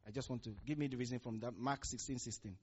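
A man's voice: medium pitch, fairly even intonation, fast talker, breathy edge. A man preaching a sermon, using call-and-response with the congregation. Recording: muffled lo-fi recording.

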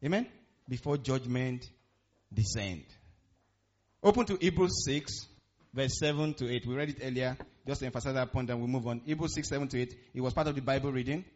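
A man's voice: medium pitch, brisk, darkish tone, dull audio, slight background noise. Preaching man with call-and-response questions. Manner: call-and-response questions, repeating phrases for emphasis. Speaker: pastor. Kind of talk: interactive sermon.

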